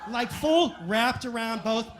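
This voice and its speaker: A man telling animated, self-mocking stories as a stand-up comedian on a club stage. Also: very high-pitched, a crowd in the background, background noise. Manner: animated, self-mocking anecdotes with quick asides. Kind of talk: stand-up storytelling.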